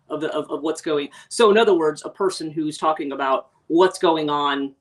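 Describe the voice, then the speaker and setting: A woman's voice: low-pitched, fairly even intonation, brisk, hardly any pauses, far from the mic. A woman life coach talking through ideas in a casual livestream, reflective and full of restarts. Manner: reflective, rambling with many restarts.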